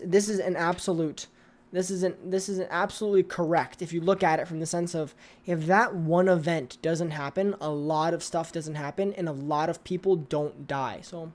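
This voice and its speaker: A woman's voice: lowish voice, a little mellow. A woman hosting a casual livestream. She reacts to viewer comments, talks straight to chat and often repeats her words. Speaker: livestream host.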